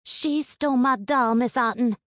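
Woman playing a shrill, spiteful schoolgirl. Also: normal speed, no room sound, studio quality, natural voice. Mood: accusing. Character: spoiled, spiteful schoolgirl accuser.

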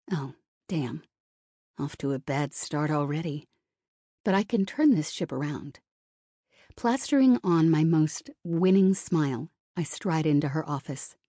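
A woman's voice: sits low, lively intonation, a little slow, dark tone, dry recording, clean studio sound. A woman reading a novel in the first person, wry and self-conscious in tone. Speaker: audiobook narrator.

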